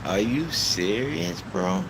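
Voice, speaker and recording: A man's voice: mid-range voice, sing-song, takes it slowly, gravelly. A man casually chatting with his live stream audience, loose and profane, talking to viewers in chat by name. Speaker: livestreamer. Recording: background noise.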